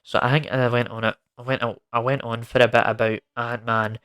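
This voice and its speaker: Man, film reviewer, casual rant, exasperated, repeats himself, smooth clear voice. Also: medium pitch, little pitch movement, brisk, fairly bright tone. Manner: exasperated, rambling, repeats words.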